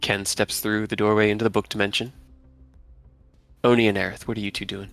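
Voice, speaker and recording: A man's voice: fairly low pitch, little pitch movement, a little fast, gravelly, fairly bright tone. A man narrating as game master in a tabletop game, loose and conversational with fillers.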